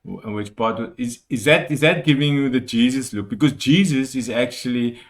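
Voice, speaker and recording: A man's voice: mid-range voice, moderate pace. Male host, Cape Malay accent, curious and inquisitive, casual chat. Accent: Cape Malay, Cape Town. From Cape Town, South Africa. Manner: curious, keeps asking questions. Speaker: podcast host.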